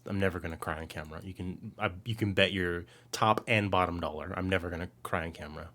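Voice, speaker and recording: A man co-hosting a live stream, chatting casually and excitedly, reading out viewer comments and rambling. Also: low-pitched, fast. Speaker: co-host.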